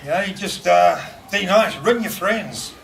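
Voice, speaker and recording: A man's voice: high voice, expressive, normal speed, gravelly. A middle-aged man giving a rambling memorial speech, full of fillers and laughing through anecdotes. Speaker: eulogist at a memorial. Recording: distant mic with background noise.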